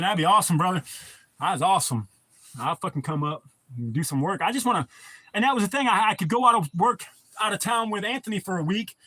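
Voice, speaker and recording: A laid-back man, chatting loosely on a livestream. He rambles and swears easily, and his voice sits a little higher than most men's. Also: sharp tone. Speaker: livestream host. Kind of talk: casual chat reading viewer comments.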